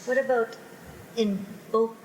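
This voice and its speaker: A woman's voice: on the high side, fairly even intonation, takes it slowly, a little hiss or hum, rough recording. A woman interviewer prompting a storyteller with brief questions.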